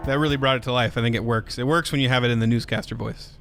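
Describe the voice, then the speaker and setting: An easygoing man talks casually as a podcast host at a mid-range pitch. He chuckles often as the conversation goes. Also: steady tone, rapid-fire, music in the background.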